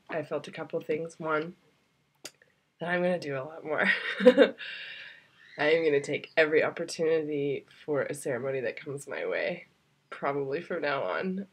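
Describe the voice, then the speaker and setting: A woman's voice: low-pitched, slightly rough. A woman vlogger telling a personal story to the camera, heartfelt and confiding, with loose rambling phrasing that sometimes sinks to a near-whisper. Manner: loose, rambling, with many fillers. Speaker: travel vlogger.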